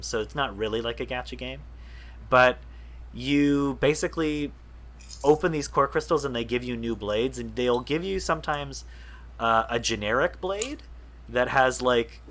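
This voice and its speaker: A man's voice: medium pitch, a bit bright. A man co-hosting a casual gaming podcast, explaining at length with lots of fillers and restarts. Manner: rambling, enthusiastic explainer with many fillers. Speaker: podcast co-host.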